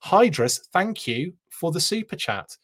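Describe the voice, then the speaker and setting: A man's voice: fairly high pitch, very animated, a little slow, fairly bright tone, breathy edge. Chatty, self-deprecating male stream host. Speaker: live stream host reading chat. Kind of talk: casual live stream chat.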